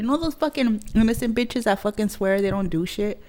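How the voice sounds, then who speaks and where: A woman in her thirties hosts a podcast and tells a personal story in loose, casual chat. She speaks bluntly and swears heavily, and she rambles with plenty of fillers. Her voice sits at an ordinary pitch. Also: normal speed, hardly any pauses, a little mellow, slight background noise. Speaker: podcast host.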